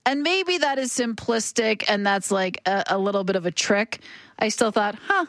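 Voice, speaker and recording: A woman co-hosting a radio show, talking fast and sure of her views, with laughs in her banter. Her voice sits at a middle pitch. She is close to a dry studio microphone. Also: dry recording. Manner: lively, opinionated, quick and laughing. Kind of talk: casual chat on air.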